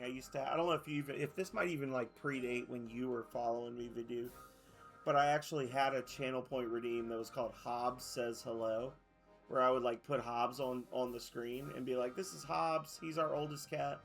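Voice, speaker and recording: A man's voice: medium pitch, fairly bright tone. A man streaming a game in casual chat, rambling through stories, swearing and laughing as he goes.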